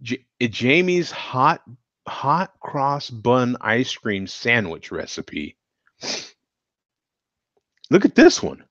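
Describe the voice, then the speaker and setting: A man from the United States hosting a casual chat show, reacting to viewer comments with frequent laughs and animated exclamations. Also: mid-range voice, extremely slow, pauses often, dry recording. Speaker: show host. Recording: dull, dry lo-fi sound.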